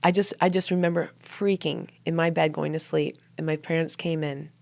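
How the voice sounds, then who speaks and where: Candid woman guest, lowish voice. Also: steady tone, normal speed, creaky. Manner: candid, earnest, laughs while telling stories. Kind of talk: interview conversation. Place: studio.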